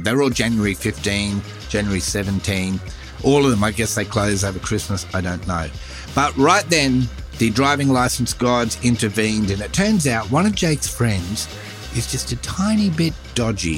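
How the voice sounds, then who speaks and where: A middle-aged Australian man hosting a podcast, telling stories in a chatty, animated way and jumping up in pitch for emphasis. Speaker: podcast host. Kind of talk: casual storytelling monologue.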